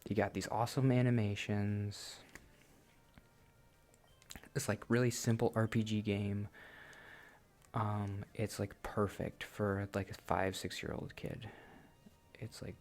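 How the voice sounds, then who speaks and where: A man's voice: lowish voice, little pitch movement, slow, long pauses, darkish tone. A man in his late twenties hosting a gaming channel, rambling casually and self-deprecatingly, often laughing at himself. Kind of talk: casual let's-play chat.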